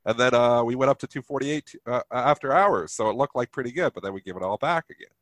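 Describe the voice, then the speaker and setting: A man's voice: medium pitch, quick pace, dry recording. A man with a nasal voice from a sinus infection, giving blunt, emphatic market commentary as co-host.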